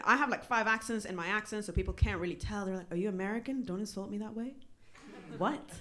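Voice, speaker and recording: A female stand-up comic working a small club crowd, asking people where they're from and teasing them. Her speech is loose and hesitant, full of little "ums," and her pitch sits in a middle range. English is a second language for her. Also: fairly bright tone. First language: not English. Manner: self-deprecating, crowd work, many ums. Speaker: stand-up comedian. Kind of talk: stand-up comedy.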